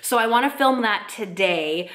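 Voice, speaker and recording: A woman's voice: mid-range voice, animated, moderate pace, fairly bright tone. A young pregnant woman in a casual vlog, chatting with many fillers and frequent laughs. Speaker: vlogger.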